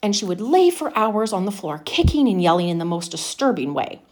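A woman's voice: medium pitch, very animated, brisk, darkish tone, natural voice. A woman voicing a boastful middle-aged factory owner who spoils his daughter, talking in a chatty, bragging way.

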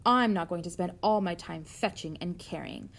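A woman's voice: fairly low pitch, moderate pace, creaky, a bit bright. Woman doing a greedy male rat, sneering, boastful, storybook figure.

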